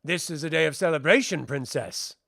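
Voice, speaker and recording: A man's voice: on the high side, lively intonation, brisk, creaky, bright, forceful tone, no echo, studio quality, exaggerated voice. A man reading aloud and voicing a charming, flippant castle commander who talks in a suave, teasing way. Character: charming, smooth-talking male castle commander.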